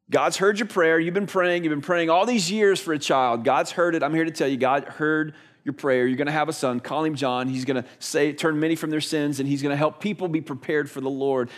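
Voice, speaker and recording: Male pastor, sermon delivery, animated storyteller with a slightly high voice. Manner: animated storytelling, rhetorical questions.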